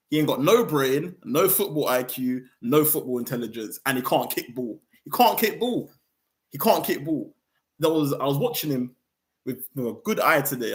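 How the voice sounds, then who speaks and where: A young man, ranting angrily about his football team on his fan channel, firing off heated rhetorical questions and slang. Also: mid-range voice.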